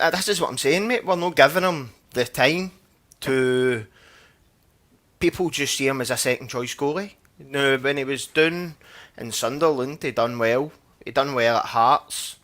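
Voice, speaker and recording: Man, co-host, opinionated, emphatic, bright forceful voice. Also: mid-range voice. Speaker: podcast co-host. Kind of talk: football opinion chat.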